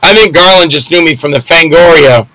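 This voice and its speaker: A man's voice: on the high side, fairly quick, bright, forceful tone, a little hiss or hum, poor audio. An older man, an actor, telling rambling anecdotes in a casual interview and acting out the voices of people in his stories.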